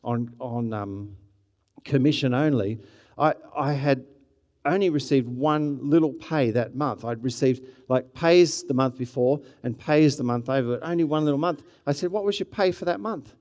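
A man's voice: mid-range voice, moderate pace, darkish tone. Middle-aged Australian man preaching; chatty sermon stories in a middle-range voice. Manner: conversational, with frequent restarts and rising bursts of energy. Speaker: pastor. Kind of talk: sermon storytelling.

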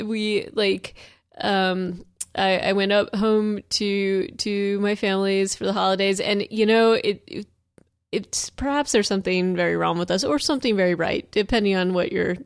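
A woman's voice: medium pitch, smooth, no echo, studio quality. A woman co-host chatting casually on a podcast, with many fillers and easy laughter. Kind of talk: casual chat.

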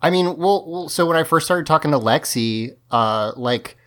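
A man's voice: a little high, lively intonation, normal speed. A man with a light Southern US accent co-hosting a podcast, talking casually and often restarting his phrases. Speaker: podcast co-host. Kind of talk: casual chat.

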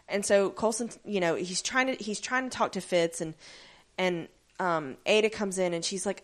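Speaking at a moderate pace in a voice on the low side, this woman co-hosts a laid-back recap podcast. She swears casually, fills her talk with fillers, and animatedly performs the characters' lines while telling the story.

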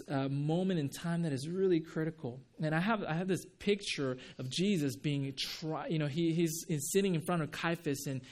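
Storytelling pastor, higher male voice. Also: a little mellow. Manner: storytelling, acts out quoted lines with raised voice; many restarts and repeated words. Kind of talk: sermon.

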